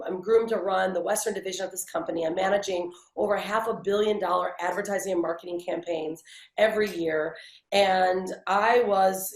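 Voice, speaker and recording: A woman in her forties, an interview guest, telling her story in a lively conversational way and acting out the people she quotes. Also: lowish voice, echoey room, low-quality recording. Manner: animated storyteller who acts out quoted people. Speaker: interview guest, branding agency founder.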